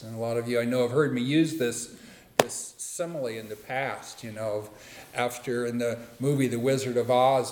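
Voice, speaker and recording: A man giving a dharma talk to a live group, conversational and playful, with relaxed asides. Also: mid-range voice. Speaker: dharma teacher. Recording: roomy echo.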